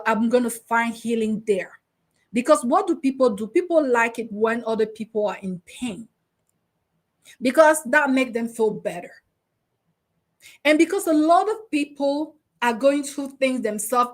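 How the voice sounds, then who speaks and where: A young adult woman hosting a show as a relationship coach, giving opinionated commentary and asking her audience and co-host rhetorical questions. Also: a little high. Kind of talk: casual commentary chat.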